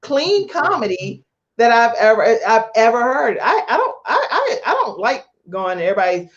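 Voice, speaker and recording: A woman's voice: on the high side, big pitch swings, normal speed. A woman in her fifties hosting a talk show, chatting enthusiastically with her guests and often repeating herself. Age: 50s. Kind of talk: casual interview chat. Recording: dull lo-fi online show audio.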